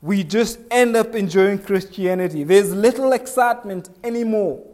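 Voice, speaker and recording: A man's voice: high voice, moderate pace, darkish tone. A man preaching a sermon to a congregation in a conversational way, asking them questions and acting out bits of everyday talk. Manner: conversational, asks the congregation questions, acts out little voices.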